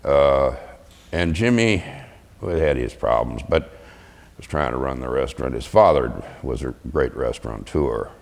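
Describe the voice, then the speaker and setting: A man's voice: extremely low pitch, animated, measured pace, creaky, long reverb tail. An older man, a veteran, telling chuckling anecdotes in an oral history interview and acting out the voices he quotes.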